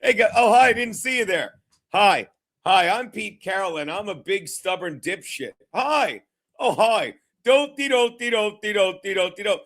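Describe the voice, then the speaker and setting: A man's voice: high-pitched, lively intonation, moderate pace, a bit bright, pitched above the performer's own voice. A man doing an impression of a stubborn older male football coach who mocks himself in a dazed, profane way. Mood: bumbling. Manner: dazed, profane self-mockery.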